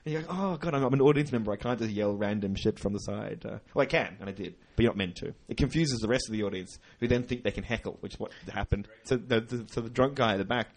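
Fast-talking podcast co-host. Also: male voice, lowish voice. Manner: animated storyteller, acts out voices, laughs often. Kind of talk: casual chat.

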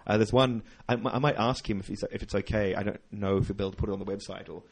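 A man's voice: on the low side, steady tone, quick pace, breathy edge. A man co-hosting a casual podcast, telling stories animatedly, acting out voices and laughing often. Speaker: podcast co-host. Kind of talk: casual chat.

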